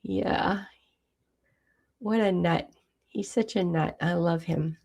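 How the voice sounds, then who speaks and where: A woman in her sixties hosting a casual live chat, reading viewer comments aloud and answering them in a chatty way, with frequent fillers and soft laughs. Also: fairly low pitch, unhurried, creaky. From Hawaii. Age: 60s. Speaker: livestream host.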